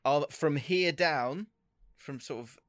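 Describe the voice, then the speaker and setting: A man's voice: fairly high pitch, slow, a bit bright, no echo. A man co-hosting a podcast, chatting casually and joking with frequent laughter. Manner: jokey, chatty, laughs a lot. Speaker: podcast co-host. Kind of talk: casual chat.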